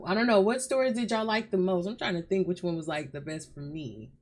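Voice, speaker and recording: A woman's voice: lowish voice, fairly quick, a little mellow. A woman hosting a reaction video, chatting loosely with her viewers from a hot bedroom at home, swearing freely and calling them y'all. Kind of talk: casual chat to viewers.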